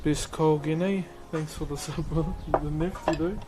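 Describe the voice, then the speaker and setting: A man's voice: a little high, fairly even intonation, moderate pace, background noise. A man from New Zealand with a New Zealand accent, chatting casually with viewers on a livestream while he carves, easygoing and laughing often, calling people brother. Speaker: livestreaming woodcarver.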